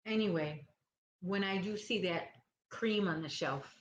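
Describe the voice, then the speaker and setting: A woman's voice: on the low side, unhurried. Chatty woman rambling on a crochet stream. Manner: rambling, chatty, loses her train of thought. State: sleepy, yawning. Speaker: crochet livestream host. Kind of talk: casual chat with live viewers. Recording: roomy, dull lo-fi sound with faint noise.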